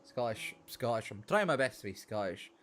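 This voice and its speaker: A man streaming a farming game, chatting casually, joking and rambling with sudden loud outbursts. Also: medium pitch, very animated, normal speed, slight background noise. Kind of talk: casual gameplay livestream chat. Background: faint background music.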